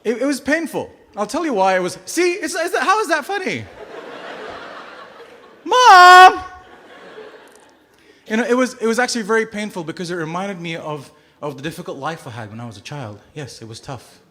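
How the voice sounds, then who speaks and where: A man in his thirties from Bahrain performing a stand-up comedy set, telling stories with sudden loud outbursts and acted-out voices. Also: high voice, expressive, quick pace, hardly any pauses. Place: comedy stage before a live audience.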